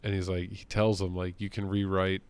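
A man's voice: sits low, level tone, a little fast, smooth. A young man in casual, profane chat about comics, laughing often and acting out lines he quotes.

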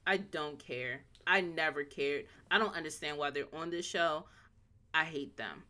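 A woman's voice: low-pitched, a little slow, pushed and bright. A woman in casual chat reviewing a show, blunt and emphatic, repeating her points.

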